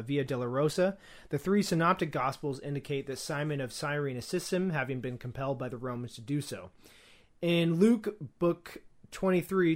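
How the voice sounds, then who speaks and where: A young man co-hosting a casual podcast, reading from his notes with frequent fillers and restarts. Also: a little high. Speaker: podcast co-host.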